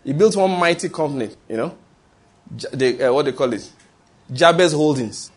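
A man's voice: fairly high pitch, animated, normal speed. A man preaching a sermon, asking rhetorical questions and answering them himself with emphatic repetition.

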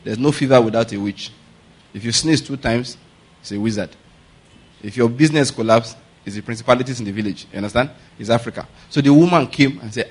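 A man's voice: mid-range voice, fairly quick, husky. A male pastor, preaching a conversational sermon and often checking that listeners follow. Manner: conversational preaching, keeps asking if the audience gets his point.

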